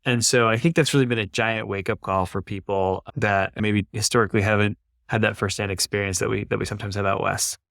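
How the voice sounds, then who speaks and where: A man's voice: on the low side, fairly even intonation, a little fast, gravelly, a bit bright, no echo, studio quality. A man in his thirties, an earnest and reflective podcast guest talking casually, often saying "like.". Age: 30s. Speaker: podcast guest, climate investor. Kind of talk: casual conversation.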